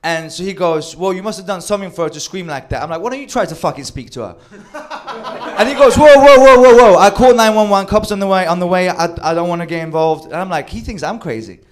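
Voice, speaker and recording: A man telling a wild personal story with animated delivery, acting out quoted lines and swearing freely. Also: high-pitched, quick pace. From Sweden. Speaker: storyteller on a comedy show. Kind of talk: live comedic storytelling.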